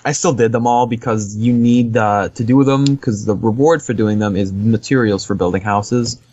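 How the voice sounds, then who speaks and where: A man's voice: on the low side, normal speed, a little mellow, muffled recording. A man co-hosting a podcast, casually rambling through a game review with lots of fillers and easy laughs. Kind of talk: casual chat.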